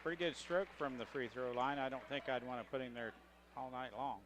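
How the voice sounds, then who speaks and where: A man giving color commentary on a high school basketball game, offering measured analysis with occasional fillers. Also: steady tone, fairly bright tone, a faint crowd, slight background noise. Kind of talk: local radio basketball commentary.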